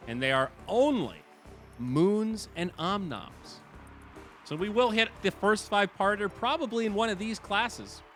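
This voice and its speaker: A man hosting a game stream, chatting casually and excitably, swearing and laughing at his losses. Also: sits high. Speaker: stream host and commentator.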